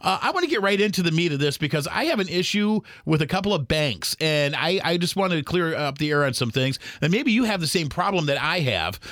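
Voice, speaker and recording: A man's voice: a little high, very animated, fairly quick, few pauses, fairly bright tone, no echo, studio quality. A man co-hosting a casual podcast, congested from a head cold, rambling and joking with many restarts. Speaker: co-host.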